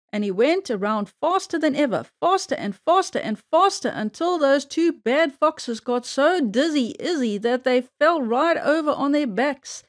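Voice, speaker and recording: High-voiced woman reading a children's story. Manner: playful, expressive storytelling.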